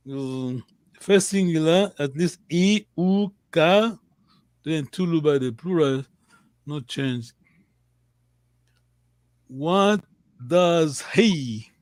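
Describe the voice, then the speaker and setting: Slow-paced, higher-voiced male teacher. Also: a little mellow, no echo. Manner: slow, patient, encouraging drills. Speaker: language teacher. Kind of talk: online language lesson.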